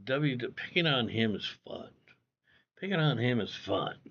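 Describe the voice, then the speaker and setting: A man's voice: medium pitch, very animated, a little slow, a bit bright, dull audio. A man streaming live, reading viewer comments in a blunt, profane way, repeating himself and calling people bro. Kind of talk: casual livestream chat reading viewer comments.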